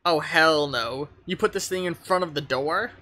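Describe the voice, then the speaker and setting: A man's voice: fairly high pitch, bright, forceful tone. A young man hosting a webcomic read-along and chatting in a playful, easy way. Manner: playful, quick asides, laughs. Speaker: host reading a webcomic aloud. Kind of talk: casual chat.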